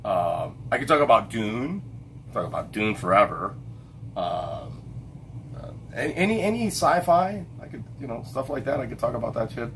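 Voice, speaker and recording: Speaking in a mid-range, slightly bright voice, this middle-aged livestream host sounds animated and keeps a moderate pace. He rambles through a casual late-night chat, often stopping to search for names, with plenty of fillers and restarts. Slight background noise is audible.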